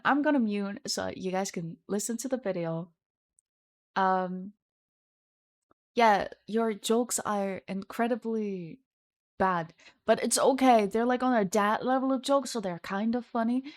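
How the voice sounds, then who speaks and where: A young woman streaming her art, chatting casually and teasing her viewers as she reads their messages. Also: fairly high pitch.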